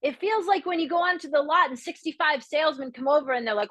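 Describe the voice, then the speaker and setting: A middle-aged woman from the area, teaching a live masterclass in a candid, lively way, acting out the voices she quotes. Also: high-pitched, quick pace, few pauses, dry recording. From Boston area, Massachusetts. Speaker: business coach.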